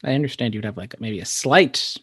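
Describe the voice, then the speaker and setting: A man from California co-hosting a casual podcast, measured and a little skeptical, pausing to find his words. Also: mid-range voice, a bit bright, breathy edge, dry recording, studio quality. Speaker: podcast co-host.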